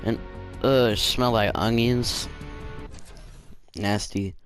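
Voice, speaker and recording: A man's voice: fairly low pitch, steady tone, slow, faint music behind. A man hosting a channel, telling a casual storytime with rambling, filler-heavy talk. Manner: rambling, with many fillers and restarts. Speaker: gaming channel host.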